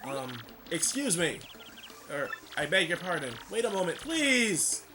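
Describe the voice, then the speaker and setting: A man voicing a shy young male turtle who stammers and trails off quietly, with game music behind. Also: medium pitch, sing-song, unhurried. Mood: nervous.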